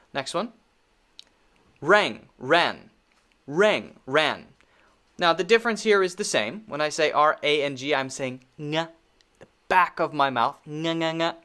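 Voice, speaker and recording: A pronunciation teacher with an American accent, giving a lesson and modeling sounds slowly and deliberately with many repetitions. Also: mid-range voice, fairly bright tone.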